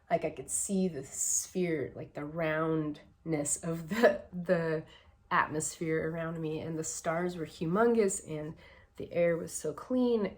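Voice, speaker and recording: A woman's voice: on the low side, a little mellow. A woman vlogger giving casual personal advice, reflective and a bit emotional, with a shaky voice and many fillers.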